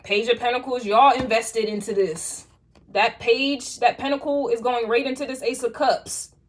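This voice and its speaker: A woman with a slightly high voice gives a tarot reading in a loose, chatty monologue. She speaks in streetwise slang, swears freely and often circles back and restarts her sentences. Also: steady tone, normal speed. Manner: casual, profane, streetwise slang, rambling restarts. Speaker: tarot reader.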